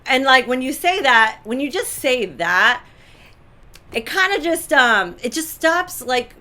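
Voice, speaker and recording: A woman's voice: high voice, a little slow. A woman co-hosting a health and lifestyle show, talking in a casual, emphatic way and repeating her points. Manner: animated, emphatic, repeats herself. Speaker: co-host. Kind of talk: casual chat.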